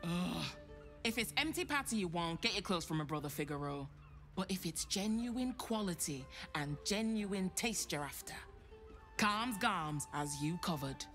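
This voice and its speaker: A brusque video game shopkeeper, sharp-tongued tailor, quick to take offence, faint background music. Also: female voice, on the low side, lively intonation. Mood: salesy. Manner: brusque, defensive, curses casually. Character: prickly woman tailor running her own shop.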